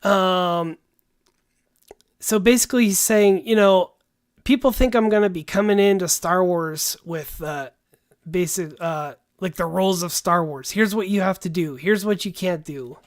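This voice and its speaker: A man's voice: high voice, a little slow. A man hosting a livestream who talks in a casual, rambling way and calls people "dude". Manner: laid-back, rambling, says "dude" often. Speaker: livestream host.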